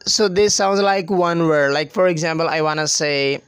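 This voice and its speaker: A man's voice: on the high side, moderate pace, fairly bright tone, clean tone, no room sound, studio quality. A man from Pakistan with a Pakistani accent, giving an informal English speaking lesson and patiently repeating example phrases.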